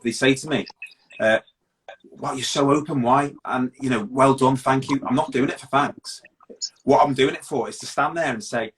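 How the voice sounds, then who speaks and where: A middle-aged British man, a guest in an interview, tells his story openly and bluntly, halting often with restarts. His voice is mid-range and a bit bright, and the recording is rough.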